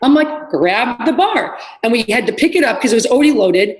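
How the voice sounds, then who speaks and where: A middle-aged woman, a fitness trainer, telling lively stories in a casual podcast chat and acting out what people said. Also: a little high, brisk, low-quality recording. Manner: animated storyteller, acts out quotes.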